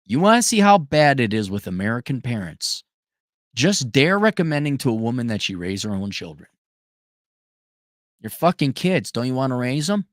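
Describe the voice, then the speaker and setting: A man's voice: mid-range voice, big pitch swings, moderate pace, no room sound, studio quality. A man hosting a casual livestream who reads out viewer donations and answers them in a blunt, sarcastic and profane way. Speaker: show host reading viewer donations.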